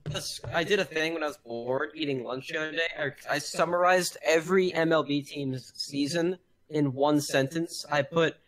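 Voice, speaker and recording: A man's voice: a little high, normal speed, a bit bright, rough recording. Hesitant man talking sports trivia. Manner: hesitant, lots of uh. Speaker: co-host. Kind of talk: casual sports chat.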